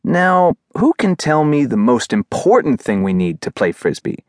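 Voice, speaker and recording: A man's voice: medium pitch, sing-song, moderate pace, no echo, studio quality, natural voice. A man voicing a patient leader dog. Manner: patient, coaxing questions.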